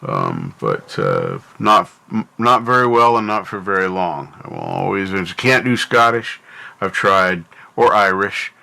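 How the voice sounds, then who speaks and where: A man's voice: deep voice, big pitch swings, measured pace, creaky, bright, forceful tone. A North American man hosting a livestream, rambling casually and thinking aloud while he answers his chat. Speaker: livestream host.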